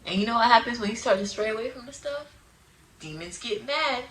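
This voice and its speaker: A young woman casually telling her personal testimony into a phone, animated and prone to sudden loud outbursts, with uneven volume. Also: on the high side, a little fast, poor audio. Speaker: person giving a religious testimony.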